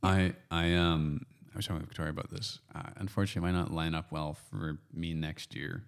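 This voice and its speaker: A Canadian man hosting a podcast, chatting casually and rambling with frequent self-corrections and quick laughs. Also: sits low, flat delivery, vocal fry, clean tone. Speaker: podcast host. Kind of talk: casual chat.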